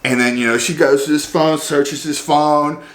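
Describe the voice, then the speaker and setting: A man's voice: on the high side, steady tone, normal speed, a bit bright. A man ranting as a vlogger, rambling and sarcastic, loaded with fillers. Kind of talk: comedic rant. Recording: roomy echo.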